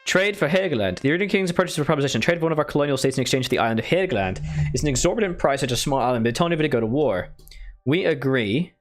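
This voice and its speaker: A man's voice: mid-range voice, animated, rapid-fire. A man giving casual commentary while playing a strategy game, thinking aloud and scolding himself. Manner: muttering, self-deprecating, thinking aloud. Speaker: strategy game let's player.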